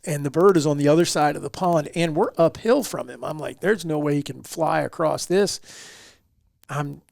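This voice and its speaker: Male podcast host, gravelly, dry close sound, lively storyteller. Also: fairly high pitch, normal speed, no room sound. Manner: animated, acts out quotes in the story. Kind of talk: casual storytelling.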